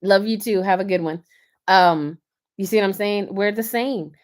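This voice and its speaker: A woman's voice: medium pitch, normal speed. A woman in her thirties or forties, hosting a casual live stream and giving earnest, preachy advice drawn from her own life. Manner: earnest, preachy, tells personal stories. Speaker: host of a faith-based live stream.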